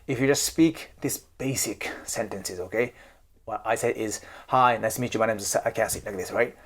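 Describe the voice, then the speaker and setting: A man with a Japanese accent speaks at a moderate pace in a lowish voice. A YouTube host and cultural coach, he gives casual advice to camera, chatty and emphatic, often checking in with "right?" and "okay?".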